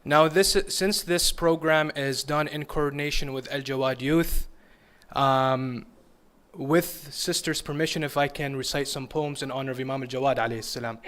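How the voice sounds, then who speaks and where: A man's voice: medium pitch, fairly even intonation, moderate pace, fairly bright tone. A man emceeing a religious poetry evening, making formal, courteous introductions. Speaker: event emcee. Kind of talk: religious event hosting.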